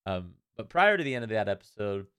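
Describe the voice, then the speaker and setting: A man co-hosting a casual fan podcast, talking in a rambling, animated way and laughing often. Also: lowish voice, a little fast, clean tone. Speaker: podcast co-host.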